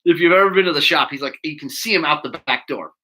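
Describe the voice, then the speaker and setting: A bike shop owner and show host tells a rambling anecdote to a live audience in a fairly high voice at a quick pace. Animated and casual, he laughs often, interrupts himself, and bleeps his own swearing.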